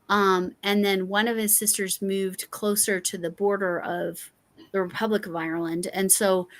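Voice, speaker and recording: A chatty, curious woman from Colorado, USA hosts a casual livestream while crafting, musing aloud as she goes. Her voice sits in the mid range with a fairly bright tone.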